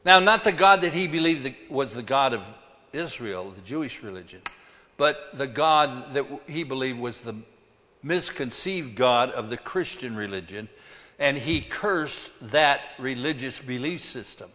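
A man preaching a sermon as pastor, swinging between loud emphasis and quiet asides. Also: mid-range voice, lively intonation, a little slow, long reverb tail.

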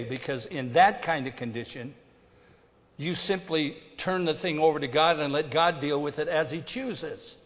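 A man preaching a sermon as pastor, emphatic and deliberate, his delivery swinging between hushed and loud. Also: fairly high pitch. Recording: long hall reverb.

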